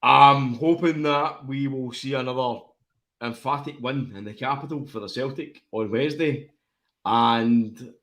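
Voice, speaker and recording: A man's voice: medium pitch, normal speed, fairly bright tone. A tipsy Scottish man co-hosting a casual fan podcast, boisterous and sweary, laughing a lot. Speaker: podcast co-host.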